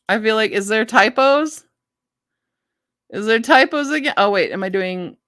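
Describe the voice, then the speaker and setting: A woman's voice: a little high, normal speed, pauses often, dry recording, studio quality. Chatty woman streaming book picks. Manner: chatty, animated, talks to her puppy in a soft baby voice. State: tired. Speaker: book reviewer streaming live. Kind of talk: casual live-stream chat.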